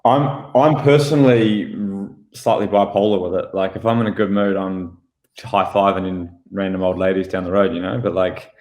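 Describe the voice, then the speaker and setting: A man's voice: sits low, fairly even intonation, normal speed, a little mellow, reverberant. A young man co-hosting a podcast, rambling casually in a laid-back, joking way. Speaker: podcast co-host. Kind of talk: casual chat.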